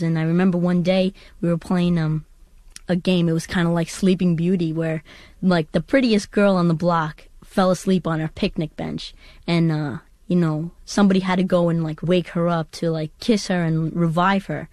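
A woman's voice: lowish voice, steady tone, moderate pace, darkish tone, rough recording. A seventeen-year-old girl talking casually about her life, with lots of fillers and restarts. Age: teens. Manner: casual, rambling with many fillers. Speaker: teen diarist. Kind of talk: personal audio diary.

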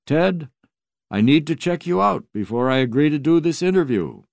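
Guy doing a blunt old professor w/ a high singsong voice, dry audiobook read. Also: sing-song, moderate pace, creaky, a little mellow, no echo. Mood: wry, blunt. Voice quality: high sing-song voice. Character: dying old male professor, wry and blunt.

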